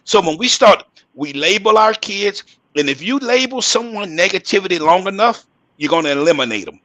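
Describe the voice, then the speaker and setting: Bright-voiced man, emphatic panel guest. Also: high voice, animated. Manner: emphatic, slows to stress key words. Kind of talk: casual panel conversation.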